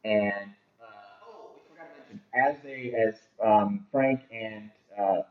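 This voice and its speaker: A man's voice: on the low side, a little slow. A man casually recapping a film's plot, rambling with many fillers and restarts. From not from London. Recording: dull, distant mic.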